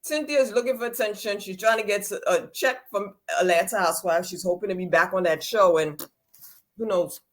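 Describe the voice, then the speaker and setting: A woman's voice: mid-range voice, a little fast. A woman co-hosting a casual gossip chat, blunt and scoffing in her takes. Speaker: co-host.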